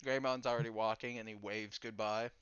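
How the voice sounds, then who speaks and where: Game master guy, bright animated voice, dry lo-fi mic. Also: fairly low pitch, a little fast, clear, resonant tone, no echo. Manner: lively, animated narration. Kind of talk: narrating a tabletop game.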